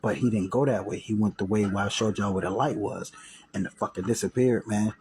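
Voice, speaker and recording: Poor audio carries a man's fairly low, steady voice as he talks fairly quickly, telling viewers a personal story. He speaks casually with slang and swearing, repeats himself and starts over, and loudly acts out what others said.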